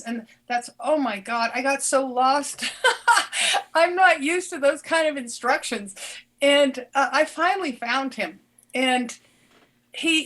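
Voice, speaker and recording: An older woman and former doctor telling a personal story in an interview, earnest and halting, often restarting her words. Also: high-pitched, a bit bright.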